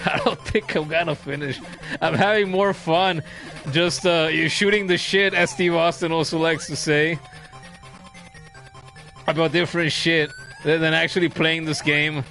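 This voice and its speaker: Streaming a game, this man in his thirties tells funny stories in a rambling, profane, laughing way. His fairly high voice is bright and forceful, with fairly even intonation and a slightly slow pace, and faint music plays behind him.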